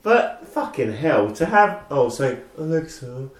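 A man's voice: medium pitch, a little fast. A man, telling stories in casual banter with friends, swearing freely. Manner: swears freely, animated storytelling. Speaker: podcast co-host. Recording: echoey room.

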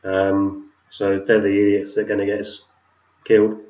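Bloke chatting loose on a podcast, lowish voice, echoey room, a bit far from the mic, dull sound. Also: male voice, completely flat delivery, normal speed, warm tone. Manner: laughing, swearing, chatty storyteller. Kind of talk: casual chat. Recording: roomy, distant, dull sound.

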